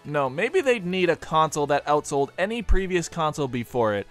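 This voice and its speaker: A man's voice: a little high, very animated, a little fast, fairly bright tone, faint music behind. A man giving scripted video essay narration, slipping in dry, joking asides.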